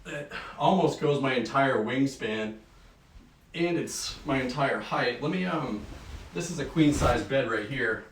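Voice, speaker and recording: A man's voice: medium pitch, measured pace, slight background noise. A young man from the Northeast US hosting a casual unboxing livestream, rambling with lots of ums and a little out of breath. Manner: relaxed, rambling with many ums. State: sweaty and slightly out of breath. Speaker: livestream host. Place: bedroom at home. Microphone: camera mic across the room. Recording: echoey room, far from the mic.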